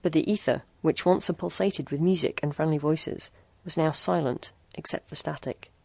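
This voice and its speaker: Brief: woman storybook narrator, low and gravelly, steady measured reading, dry close sound. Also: no room sound.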